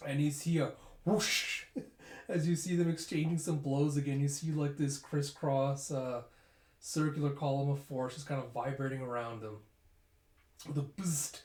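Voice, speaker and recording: A man's voice: on the high side, unhurried. A man casually reading through a manga chapter aloud, adding sound effects and commentary. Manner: casual, animated, uses sound effects and fillers. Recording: roomy echo.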